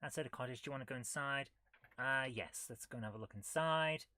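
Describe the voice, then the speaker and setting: Quick, bright, and forceful, a woman's bass voice reads a retro game's text aloud while she hosts a casual playthrough, interjecting wry jokes. There is no room sound.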